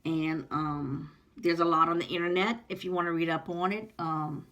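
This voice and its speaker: A woman talks earnestly to her viewers in a personal vlog, rambling and heartfelt, with many pauses and ums. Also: lowish voice, steady tone, fairly bright tone, highs cut off. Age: 50s. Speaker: vlogger. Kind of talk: personal vlog talking to camera.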